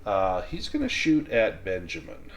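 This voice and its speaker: A man as game master of a tabletop western game, calmly explaining the rules step by step. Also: lowish voice, unhurried.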